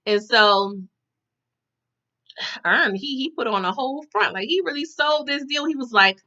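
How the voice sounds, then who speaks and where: A woman's voice: high-pitched, a little slow, bright, forceful tone, muffled recording. A woman recapping a TV episode in casual chat, often tagging her sentences with "okay?". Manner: chatty, tags lines with "okay?".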